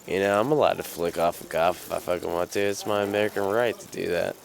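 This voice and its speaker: Young male storyteller, deep creaky voice, loose rambling delivery with swearing. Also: quick pace. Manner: rambling, many fillers and restarts, casual swearing. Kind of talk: casual personal anecdote.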